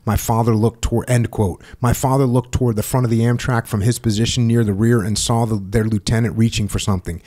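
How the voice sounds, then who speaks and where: A man hosting a podcast, reading book passages aloud at a steady measured pace and chatting with his guest. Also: lowish voice. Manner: reads book passages steadily, then brief listening murmurs. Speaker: podcast host.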